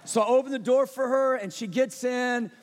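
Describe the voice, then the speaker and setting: A male pastor preaching a sermon, swinging from loud, emphatic declarations to quiet, intimate storytelling. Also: very high voice, fairly even intonation, moderate pace. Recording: long hall reverb.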